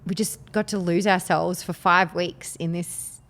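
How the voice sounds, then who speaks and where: Woman, Australian accent, casual chat, lively, laughs often. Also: on the low side, a little slow. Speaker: guest, actress and poker host.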